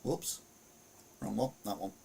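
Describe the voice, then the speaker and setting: A man's voice: fairly low pitch, unhurried, vocal fry, dark tone, slight background noise. Rambling man hosting a podcast. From United Kingdom. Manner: rambling, chuckling, mutters asides to himself. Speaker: podcast host. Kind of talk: casual news commentary while sharing a screen.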